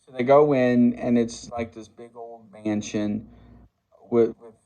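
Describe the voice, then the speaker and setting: Man in his 60s, casual film recap, slow and hesitant, mid-pitched voice, lots of fillers. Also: steady tone, warm tone, poor audio. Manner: halting, many fillers and restarts. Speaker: movie reviewer.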